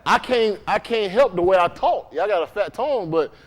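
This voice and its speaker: Animated high-voiced preacher. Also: male voice, normal speed. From Dade County, Florida. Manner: conversational, animated preaching with frequent questions to the congregation. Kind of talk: sermon. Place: congregation room.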